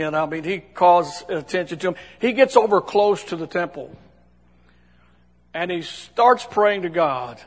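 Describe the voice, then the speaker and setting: Preacher, male, high husky voice, folksy and chatty, church hall with a long echo. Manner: folksy, conversational, many restarts. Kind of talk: sermon.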